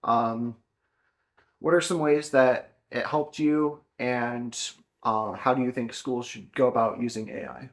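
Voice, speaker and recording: A man's voice: medium pitch, fairly even intonation, a little slow. A man interviewing a guest, asking questions and giving short encouraging replies.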